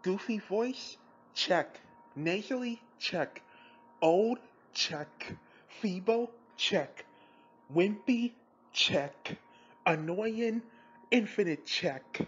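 A woman delivers blunt, sarcastic review commentary at an unhurried, drawn-out pace. Her voice comes through a dull, lo-fi home recording with a faint hiss underneath. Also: medium pitch, darkish tone. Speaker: podcast host.

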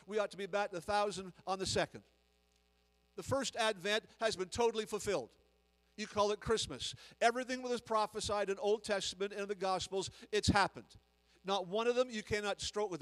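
A man's voice: sits high, fairly quick, fairly bright tone, big-room sound, rough recording. A man, a guest preacher, delivering an emphatic sermon full of repetition and rising intensity.

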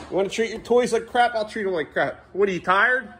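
A man's voice: high-pitched, fairly quick, few pauses, sharp tone, a little hiss or hum. A man in a casual vlog, scolding in an exasperated way and repeating the same stern words over and over. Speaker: vlogger.

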